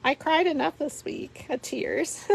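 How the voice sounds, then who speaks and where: Woman, slightly high voice, chatty craft tutorial host, laughs often with viewers. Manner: chatty, giggly, talks through steps while working. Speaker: paper flower tutorial host.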